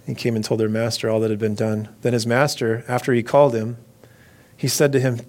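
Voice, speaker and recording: Guy preaching real casual, animated, retelling the bible story and acting out the voices, middle pitch. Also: fairly quick. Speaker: pastor. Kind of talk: conversational sermon.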